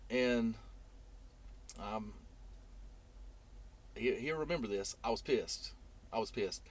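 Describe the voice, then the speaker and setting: A man telling a long story casually in a vlog, rambling, and getting animated when he quotes others. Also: on the low side, takes it slowly. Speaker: trucking YouTuber.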